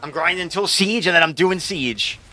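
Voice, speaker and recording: A man's voice: high voice, moderate pace, pushed and bright. A young man, a game streamer rambling casually and profanely while he answers his chat.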